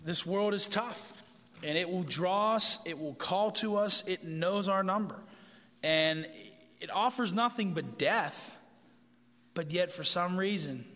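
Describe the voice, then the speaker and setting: A man giving a casual, animated sermon as a pastor, often repeating himself as he goes. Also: high-pitched, takes it slowly, big-room sound.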